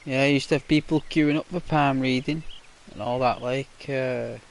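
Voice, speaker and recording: With a mid-range voice showing vocal fry, fairly even intonation, and a normal speed, a Liverpool YouTuber rambles to viewers as he plays a game. His casual gaming chatter is peppered with "right?" and "you know".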